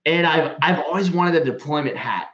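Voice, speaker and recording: A man hosting a podcast, casually telling profane, animated stories. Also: fairly high pitch, normal speed, roomy sound, muffled recording. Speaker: podcast host. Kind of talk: casual chat.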